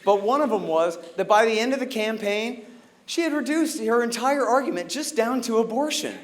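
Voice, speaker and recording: A man's voice: very high voice, lively intonation, normal speed. A man doing a stand-up comedy set on stage, telling stories sardonically and acting out the people in them. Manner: sardonic storytelling, acts out characters. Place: comedy stage before a live audience.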